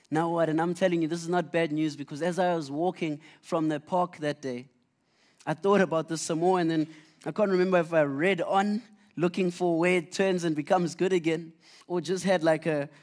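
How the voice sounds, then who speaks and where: A man's voice: a little high, darkish tone. A man preaching a conversational sermon, telling Bible stories earnestly with frequent restarts.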